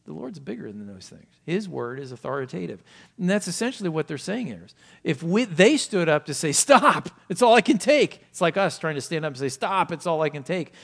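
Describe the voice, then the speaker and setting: A male pastor preaching a sermon, asking rhetorical questions and swinging from loud emphasis down to hushed, low asides. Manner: asks many rhetorical questions.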